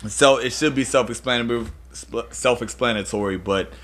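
A man's voice: mid-range voice, brisk, a bit bright. A man co-hosting a casual boxing podcast, opinionated and laid back, often repeating words as he talks. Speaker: podcast co-host.

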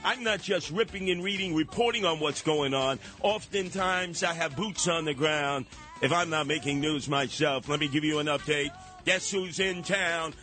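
A man's voice: on the high side, normal speed, pushed and bright, faint music behind. A man hosting a talk radio show, ranting in a brash, sarcastic way and mocking people with put-on voices. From New York. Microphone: studio microphone.

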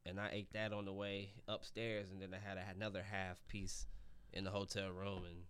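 Low smooth-voiced man answering questions. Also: completely flat delivery, a bit bright. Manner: halting, repeats words, plainspoken. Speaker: guest bodybuilding competitor. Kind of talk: casual interview answers.

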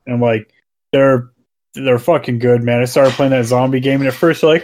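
A man co-hosting a podcast, excitable and profane, acting out scenes in casual chat. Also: mid-range voice, moderate pace. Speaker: podcast co-host.

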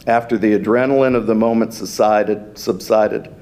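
A man, an author, reading his fantasy story aloud in a steady, unhurried narration. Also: on the low side.

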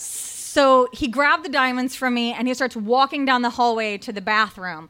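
A young adult woman telling a true personal story with wry, animated comic timing. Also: a little high, normal speed, smooth.

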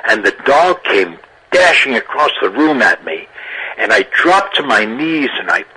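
An older man, an actor being interviewed, telling anecdotes in a lively way and laughing often. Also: mid-range voice, measured pace, husky, rough recording. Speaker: actor guest.

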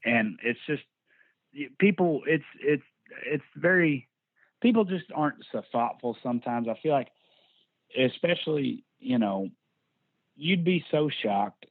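Texan man, husky voice over a phone line. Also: medium pitch, expressive, measured pace, pauses often, no echo. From Texas. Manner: candid, swears freely, laid-back storytelling. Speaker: band vocalist, podcast guest. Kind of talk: casual interview chat. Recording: dry tinny phone-like line.

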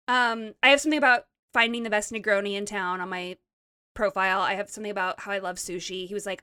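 A woman from Montana in casual chat, telling a dating story with animated, playful quoting. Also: medium pitch, quick pace, clean tone, no room sound, clean studio sound. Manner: animated storytelling, quotes people in playful voices.

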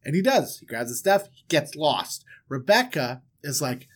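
A man hosting a podcast, retelling a story as a joke-filled casual chat, animated and full of fillers. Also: fairly high pitch, moderate pace.

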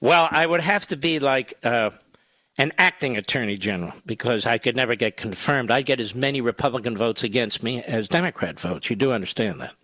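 Bright-voiced combative radio talk host. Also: male voice, medium pitch, brisk, no room sound. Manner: combative, rising to loud outrage; joking, self-mocking banter.

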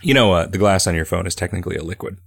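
A man with a low, deep voice chats loosely on a podcast, wandering through ideas and reading listener questions aloud. The sound is close and dry, with no room around it. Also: racing, vocal fry, fairly bright tone, dry recording. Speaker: podcast host and game developer. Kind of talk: casual podcast chat.

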